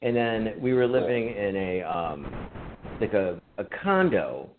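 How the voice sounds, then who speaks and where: A man's voice: on the low side, big pitch swings, measured pace. A man co-hosting a podcast, telling an old story in casual chat, laughing often and swearing. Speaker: podcast co-host. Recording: phone-like audio with faint noise.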